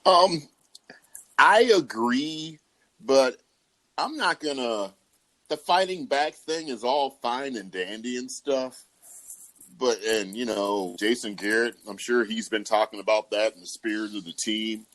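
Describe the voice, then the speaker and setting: A man's voice: mid-range voice, a little slow, fairly bright tone, no room sound. A man hosting a casual football talk podcast, laughing often and restarting his sentences. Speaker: podcast host.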